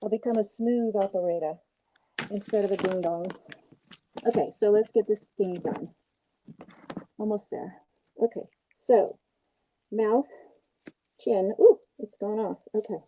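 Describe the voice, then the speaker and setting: A woman's voice: medium pitch, unhurried, pauses often, dark tone, low-quality recording. An older woman hosting a crafting livestream, chatting casually and self-deprecatingly as she works on a puppet. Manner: chatty, self-deprecating, narrates her work as she goes. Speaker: puppet maker and livestream host. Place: porch outdoors, then home workshop.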